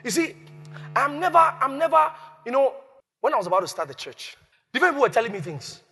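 A man preaching a sermon, animated, shouting and acting out scenes. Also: extremely high pitch, fast talker, slightly rough, in a large hall. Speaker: pastor. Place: church.

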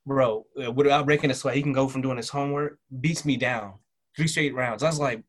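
A man in his thirties, raised in the American South, talking about his family as a guest in an easygoing conversation. His voice sits at an ordinary middle pitch. He rambles casually, with plenty of "um", "like" and "bro". He gets lively when he acts out what other people said. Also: fairly quick, slight background noise. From Southern United States. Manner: loose and chatty, full of fillers and "bro", lively when quoting people. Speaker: guest, military father.

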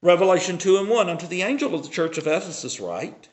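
A man preaching a sermon, reading scripture aloud and explaining it with deliberate pauses. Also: high-pitched, lively intonation. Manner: slow, deliberate preaching with dramatic pauses and swings in loudness; reads scripture aloud in a raised, declaiming voice.

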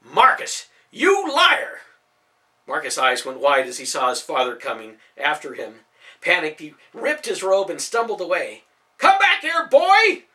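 A man's voice: mid-range voice, lively intonation, normal speed. A man voicing a hot-tempered market baker in an audiobook, curt and indignant. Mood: furious. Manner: curt, indignant, shouting when angry. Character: gruff hot-tempered grown male baker.

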